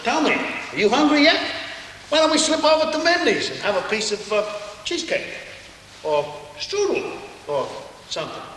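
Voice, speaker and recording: A high, bright, wheedling gambler with a New York Jewish accent, acted by a man on a stage musical set. His nervous, fast-talking voice rings out from far off in a very echoey theatre. The echo hangs long in a hall with faint noise behind it. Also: sing-song, full character voice. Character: anxious fast-talking male gambling organizer. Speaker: stage actor.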